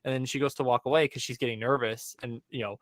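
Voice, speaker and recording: On a podcast, a young man recaps an episode in a casual chat, telling it with energy and performing the characters' dialogue. He leans heavily on "um" and "like." His voice is medium in pitch and fast, recorded dry.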